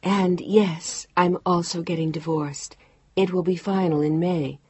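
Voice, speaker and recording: A woman voicing a young, pregnant, independent woman in an audiobook, with a playful, bright way of talking. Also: fairly low pitch, fairly even intonation, a little slow, breathy edge, no echo. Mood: proud.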